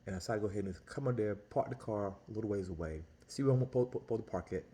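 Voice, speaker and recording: Mellow-voiced vendor guy ranting, exasperated, keeps restarting his sentences. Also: lowish voice, racing, a little hiss or hum. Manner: animated, exasperated, lots of restarts and repetition. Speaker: Italian ice vendor. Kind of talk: casual storytelling rant.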